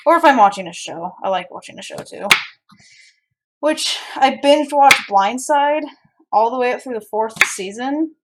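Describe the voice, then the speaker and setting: A young woman with a fairly high voice chats casually while she cooks in her home kitchen. She rambles from one thought to the next and often restarts her sentences, talking easily to her viewers. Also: background noise. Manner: chatty and rambling, with frequent restarts. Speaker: streamer. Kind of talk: casual chat while cooking and reading chat.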